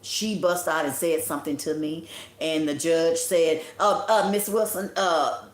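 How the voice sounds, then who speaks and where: A woman's voice: low-pitched, a little slow. Grieving woman, livestream monologue, preachy and scolding, echoey room. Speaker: livestream host. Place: indoor room at home.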